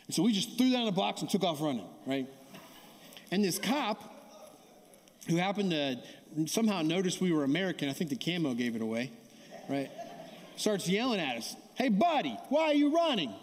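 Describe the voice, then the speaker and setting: A high-pitched man preaching in a church hall where his voice rings with a long reverb. He tells his stories casually, keeps asking the congregation "right?", and draws responses from the room. He sounds like a pastor at a Sunday sermon. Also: expressive, a little fast, pauses often, slight background noise. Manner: calls for audience response. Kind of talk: sermon with storytelling. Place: church sanctuary.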